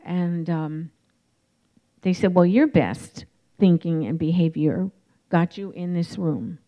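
A woman in her forties telling her recovery story in a candid, reflective way, with many pauses and fillers. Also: fairly low pitch, dark tone. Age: 40s. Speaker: recovery meeting speaker. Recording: dull lo-fi recording.

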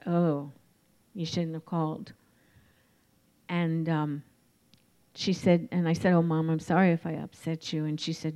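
A woman's voice: on the low side, darkish tone. Woman candidly telling her recovery story. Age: 40s. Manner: candid and reflective, many ums. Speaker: recovery meeting speaker. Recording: dull lo-fi recording.

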